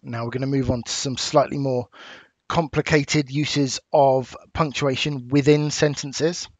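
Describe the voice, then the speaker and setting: A man with an English accent, a teacher giving a recorded lesson, explaining patiently and clearly with small fillers. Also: medium pitch, fairly even intonation, unhurried, no room sound. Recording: dull dry home recording.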